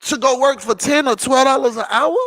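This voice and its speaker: A man giving an emphatic, preachy motivational business talk on a livestream, repeating phrases and sometimes shouting. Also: very high voice, fairly quick, long reverb tail. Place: indoor room filming himself on several cameras.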